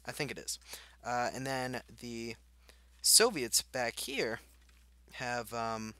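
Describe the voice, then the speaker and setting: The young man, a gaming channel host, sounds expressive and forceful as he casually talks through a war strategy game, reacting and laughing at himself. His medium-pitched, bright voice moves slowly, with no echo, while faint game sounds play in the background.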